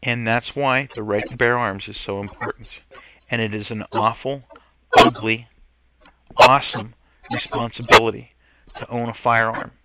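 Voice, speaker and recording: A man's voice: medium pitch, level tone, normal speed. A man hosting a podcast, talking earnestly and with emotion, sometimes reading aloud and often correcting himself mid-word. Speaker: podcast host. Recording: slightly muffled podcast audio, faint hiss.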